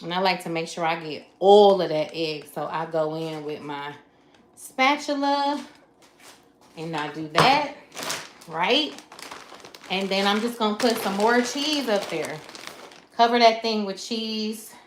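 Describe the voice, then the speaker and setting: A woman's voice: medium pitch, measured pace, long pauses, background noise. A woman hosting a live cook-along from her home kitchen, chatting with viewers and talking through each step. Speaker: livestream cooking host. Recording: roomy kitchen echo. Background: clatter of dishes and pans.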